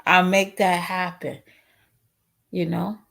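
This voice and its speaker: A woman's voice: on the low side, flat delivery, slow pace, vocal fry, fairly bright tone. A woman vlogger talking straight to her viewers in a casual, outspoken, emotional way, sometimes tearful with a cracking voice. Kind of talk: casual commentary vlog.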